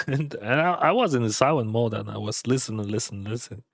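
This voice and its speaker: A man's voice: medium pitch, animated, fast talker, gravelly, no room sound, clean studio sound. Russian-accented man chatting while playing poker. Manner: laughs often, chatty, loose with grammar. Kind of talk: casual chat while playing online poker.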